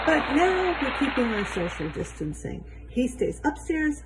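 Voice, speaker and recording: A woman's voice: normal speed, hardly any pauses, noisy background. A middle-aged woman doing a stand-up comedy routine from her home kitchen, with punchy joke delivery. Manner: punchy joke delivery with bouncy, animated pitch.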